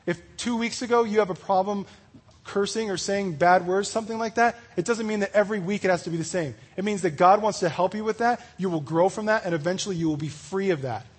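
Guy youth pastor, kinda high breathy voice, super casual, lots of like and you know. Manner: chatty, full of "like" and "you know"; acts out the story's speakers in quick asides.

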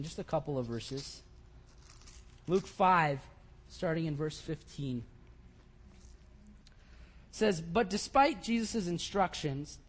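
High-voiced preacher building to loud cries. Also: male voice, breathy edge. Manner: swings from quiet reading to loud impassioned crying out. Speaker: pastor. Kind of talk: sermon.

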